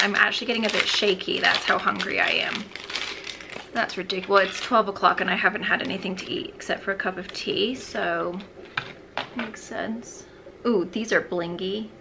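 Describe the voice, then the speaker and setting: Against background noise, a young woman's mid-range, creaky voice carries through a chatty get-ready-with-me vlog. The beauty vlogger rambles bubbly and mutters to herself as she gets ready.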